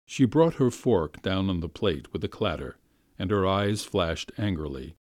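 Low-voiced man reading a classic story. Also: no echo, studio quality. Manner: measured, expressive reading. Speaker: narrator. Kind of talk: scripted narration of a classic story.

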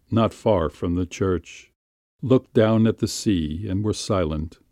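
Low-voiced man reading a story calmly. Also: no echo. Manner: calm, measured, unhurried reading. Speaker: narrator. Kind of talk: audiobook narration of a classic story.

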